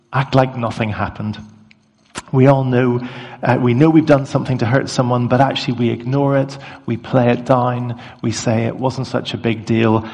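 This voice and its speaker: Middle-aged male preacher, conversational and self-deprecating, gravelly tone, long hall echo. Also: medium pitch, darkish tone. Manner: conversational, self-deprecating, with short pauses and fillers. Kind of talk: sermon.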